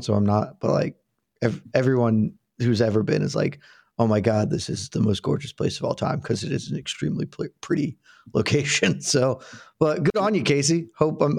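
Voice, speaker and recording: A man from the southern United States co-hosting a casual sports podcast, chatting in a relaxed way and explaining things at length. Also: mid-range voice, creaky. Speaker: podcast co-host.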